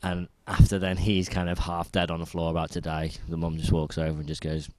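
A man co-hosting a podcast in casual chat, rambling and trailing off into quiet asides. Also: low-pitched, completely flat delivery, brisk, a little hiss or hum. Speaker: podcast co-host.

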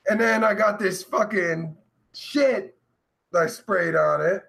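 A man's voice: high voice, slow, vocal fry. A man hosting a crude podcast with a stuffy nose, swearing constantly and joking as he reads viewer comments. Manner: profane, loud, jokey, swings between shouting and mumbling. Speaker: podcast host. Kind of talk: crude casual chat reading viewer comments.

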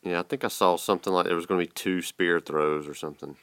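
A man, hosting a relaxed, folksy chat. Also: deep voice, quick pace, clear, resonant tone, no echo. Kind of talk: casual chat.

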